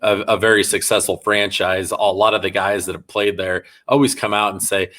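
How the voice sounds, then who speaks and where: Man, podcast host, casual chat, enthusiastic, lowish voice. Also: fairly even intonation, fairly quick, few pauses, bright, forceful tone. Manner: enthusiastic, eager interviewer.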